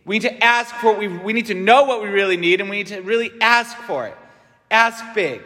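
A brisk preacher with a high-sitting, bright, forceful voice talks to his congregation in a conversational homily. He often asks "right?" to keep them with him, amid long church reverb.

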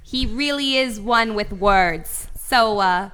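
A woman playing the hesitant, deadpan wife of an injured firefighter in an improv comedy scene. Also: mid-range voice, slow, clean tone.

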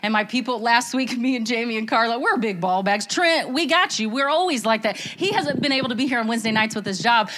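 A woman's voice: a little high, a little fast, few pauses, fairly bright tone. A woman giving an informal, earnest church talk, chatty and full of fillers and restarts. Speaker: church speaker.

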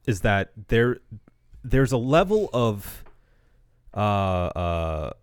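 Lower-voiced sarcastic podcast co-host. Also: male voice, big pitch swings, clean tone, no room sound. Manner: dry sarcastic asides, deliberate. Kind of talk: casual chat.

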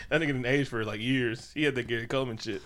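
A man co-hosting a casual chat, recapping a movie scene by scene in a profane, animated way and acting out the characters. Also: mid-range voice, fast. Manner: animated, profane, acts out characters while retelling. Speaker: podcast co-host.

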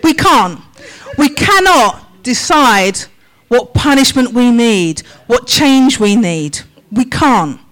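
A woman's voice: a little high, animated, a bit bright, rough recording. A woman preaching a sermon in church, asking the congregation a run of questions. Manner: slow, measured questions to the congregation.

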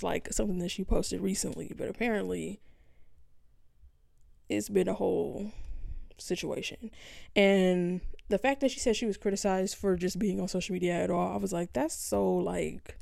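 A woman co-hosting a podcast, chatting casually and reading out news in a relaxed, laid-back way. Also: medium pitch, moderate pace, vocal fry, dry recording, studio quality. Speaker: podcast co-host.

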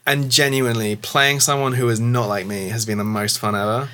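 Rambling man with a bright voice. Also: medium pitch, steady tone, a little fast. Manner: rambling, lots of filler words. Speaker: tabletop game player and game master. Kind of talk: casual podcast chat.

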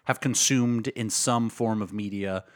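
A man's voice: lowish voice, unhurried, dry recording, clean studio sound. A man co-hosting a casual book podcast, rambling in an easygoing way. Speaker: podcast co-host.

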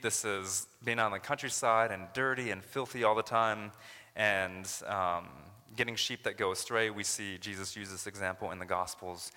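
A man's voice: fairly low pitch, bright, forceful tone, big-room sound. A man from Canada preaching a sermon as a pastor, earnest and building to emphatic paraphrases of scripture.

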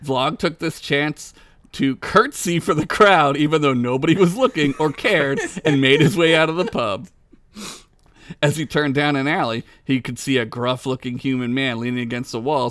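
A man's voice: mid-range voice, moderate pace, a bit bright, no room sound. A man reading his own comic fantasy story aloud to friends, crude and giggly. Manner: crude, giggly, breaks to laugh. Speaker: storyteller, podcast cohost.

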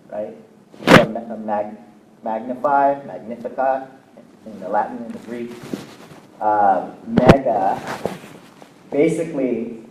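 A man preaching a sermon to his congregation, moving from quiet reflection to excited near-shouting and often checking that they follow him. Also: medium pitch. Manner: asks the congregation for agreement often. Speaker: pastor. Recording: roomy echo, mic at a distance, faint noise.

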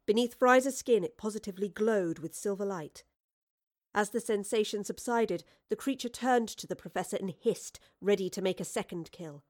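A woman narrating a story aloud, voicing all the characters herself. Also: medium pitch.

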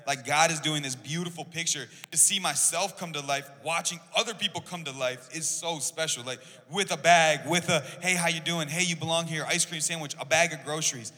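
A young man chatting about church outreach, excitable and full of "like" and "you know". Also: a little high, a little fast, few pauses, big-room sound. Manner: excitable, heavy use of "like". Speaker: church volunteer. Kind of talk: casual church podcast chat.

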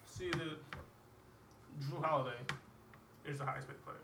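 A man's voice: fairly high pitch, fairly even intonation, moderate pace, vocal fry, background noise. A man arguing his point in casual sports podcast talk, often restarting words. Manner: argumentative, stumbling restarts. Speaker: podcast co-host. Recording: roomy and distant.

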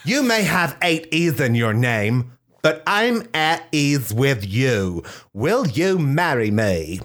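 Man as a tender proposing wife; lifted pitch, slow, sweet. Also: big pitch swings, fairly bright tone. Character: adult woman, romantic, proposing to her wife, earnest.

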